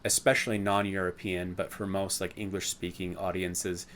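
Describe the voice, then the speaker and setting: A man with a low voice, talking through a film in loose, rambling podcast chat. He interrupts himself often, restarts his thoughts, and gets into nerdy detail. A faint hiss sits under the recording. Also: little pitch movement, moderate pace, a bit bright. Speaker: podcast co-host. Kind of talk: casual chat, film review.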